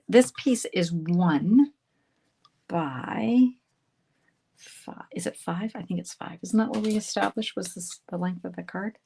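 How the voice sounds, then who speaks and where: A woman leads a live crafting class, chatting brightly and greeting viewers by name as she works. Her voice sits a little low and carries a gravelly edge. A faint hiss runs underneath. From Canada. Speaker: craft instructor hosting a live stream. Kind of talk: live card-making demonstration.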